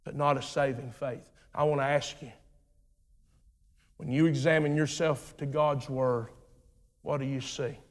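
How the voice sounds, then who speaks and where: A male pastor delivering a sermon, swinging from rhythmic shouted lines down to low, hushed phrases. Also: fairly even intonation, unhurried, long pauses, big-room sound.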